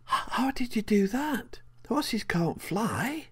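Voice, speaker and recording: A man's voice: on the high side, wildly swooping pitch, moderate pace, a little mellow, breathy edge, no room sound, pitched above the performer's own voice, heavily acted. A man voicing a curious, eager little girl in a storybook reading.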